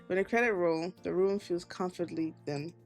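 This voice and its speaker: A woman's voice: on the low side, steady tone, moderate pace, faint music behind. A young woman streaming, reading a story game aloud while sleepy, giggling and correcting herself with rambling asides.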